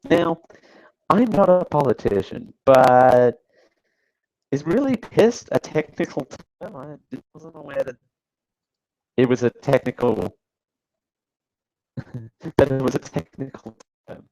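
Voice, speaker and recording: Sarcastic rambling male host, gravelly. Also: medium pitch, takes it slowly, long pauses, a little mellow, no room sound, low-quality recording. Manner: sarcastic, rambling, with frequent fillers and restarts. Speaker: show host. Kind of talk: casual political commentary.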